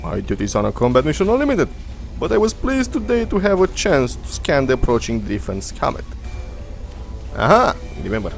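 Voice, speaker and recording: A man's voice: medium pitch, huge pitch swings, brisk, creaky, pitched above the performer's own voice. A man voicing a curious male alien science officer with a put-on Russian accent, reading a formal log. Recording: faint game music behind.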